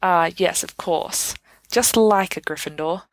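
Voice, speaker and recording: A lazy, nasal drawl drips from this sneering teenage wizard, voiced by a woman reading aloud. Every line sounds mocking and insolent. The low voice sits close and dry. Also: unhurried, no echo.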